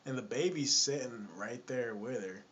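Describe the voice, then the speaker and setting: A man's voice: mid-range voice, normal speed, a bit bright. A man telling a casual anecdote in a chatty, exasperated way, often repeating himself. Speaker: storyteller.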